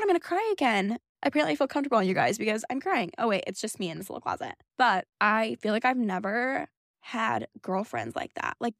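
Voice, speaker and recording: A woman's voice: mid-range voice, a bit bright, dry recording. Candid young woman in a dry closet. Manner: candid and emotional, quick asides. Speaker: podcast host. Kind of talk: personal storytelling podcast. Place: small clothes closet.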